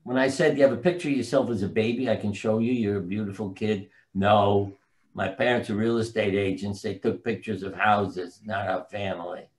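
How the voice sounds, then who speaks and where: Steady in tone and moderate in pace, this lowish male voice belongs to an older physician and author. He's a guest in a casual interview, telling long anecdotal stories in a rambling way and occasionally forgetting names.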